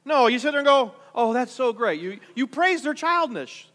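A man's voice: very high voice, animated, moderate pace, a bit bright, long reverb tail. A male pastor preaching a conversational sermon, full of rhetorical questions and repeated restarts.

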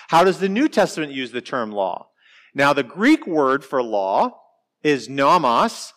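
A man giving a casual church lecture as a Bible class teacher, explaining points in a conversational way and lifting his pitch for emphasis. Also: a bit bright.

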